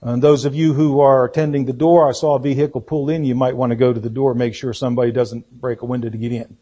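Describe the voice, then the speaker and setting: A man preaching a sermon as pastor, speaking deliberately and emphatically, with fillers and restarts. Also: mid-range voice, level tone, warm tone, husky, dull audio. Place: church sanctuary.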